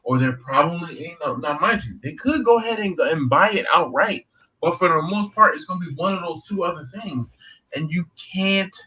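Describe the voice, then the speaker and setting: Male host, casual storyteller; bright, fairly high voice; acts out the voices of people in his stories. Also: expressive, normal speed, husky. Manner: repeats and restarts words as he talks. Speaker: barbecue cook and show host. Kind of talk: casual storytelling on a live group call.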